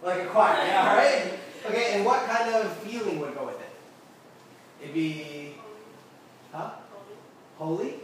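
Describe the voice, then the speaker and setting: High-voiced man preaching in an echoey room. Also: a little slow, long pauses, a little hiss or hum. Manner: constantly checks in with the listeners. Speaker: youth group preacher. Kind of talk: casual interactive sermon. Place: air-conditioned room with a group. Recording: very echoey room, mic far off.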